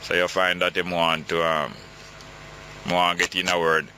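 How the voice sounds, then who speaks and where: A man's voice: sits low, flat delivery, unhurried, sharp tone, low-quality recording. A man with a Jamaican accent hosting a call-in radio talk show, reading listener texts and commenting in patois.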